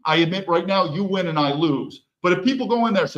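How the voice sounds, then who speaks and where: A middle-aged man delivers a forceful political monologue, pitched a little high and swinging his intonation widely. He fires off rhetorical questions and repeats words for emphasis. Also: animated, quick pace, hardly any pauses, rough recording. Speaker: political commentator. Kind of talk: opinionated monologue.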